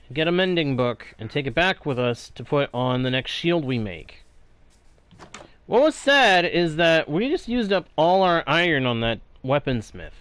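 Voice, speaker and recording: A man's voice: on the high side, a bit bright, no room sound. A man hosting a video game let's play, talking with a theatrical, playful and grumbling manner. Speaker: host.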